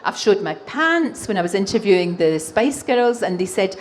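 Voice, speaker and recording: A woman in her sixties with a Glaswegian Scottish accent, a TV presenter answering audience questions on stage, animated and laughing often. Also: mid-range voice, normal speed. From Scotland. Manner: animated storytelling with frequent laughs. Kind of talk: live stage Q&A. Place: exhibition hall stage.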